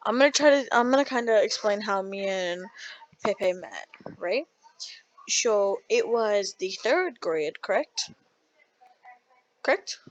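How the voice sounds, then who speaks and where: A young podcast co-host chatting casually, cutting in with goofy, lively remarks. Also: female voice, medium pitch, slow pace, pauses often. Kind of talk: casual chat. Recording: dull lo-fi sound.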